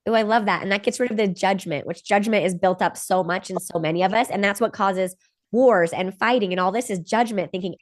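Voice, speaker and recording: A woman's voice: medium pitch, fairly quick. A woman hosting a podcast, enthusiastic and laughing easily, with lots of "like" in her chat. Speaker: podcast host.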